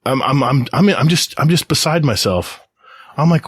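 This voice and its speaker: A man's voice: on the high side, moderate pace, breathy edge, dry recording. A middle-aged American man, a podcast co-host, telling a story in casual chat and acting out the voices of people in it. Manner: animated anecdote with quoted voices. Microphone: podcast microphone.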